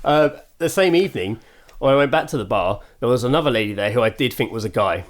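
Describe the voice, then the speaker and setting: A man's voice: medium pitch, expressive, fast. A man from England co-hosting a casual podcast at a kitchen table, telling stories, acting out voices and laughing often. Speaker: podcast co-host. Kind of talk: casual chat. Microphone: studio mic with headphones.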